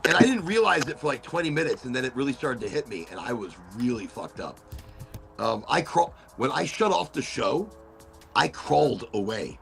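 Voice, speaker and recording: Gravelly animated male podcast host. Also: mid-range voice, moderate pace, music in the background. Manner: animated storyteller, acts out quotes. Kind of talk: casual chat.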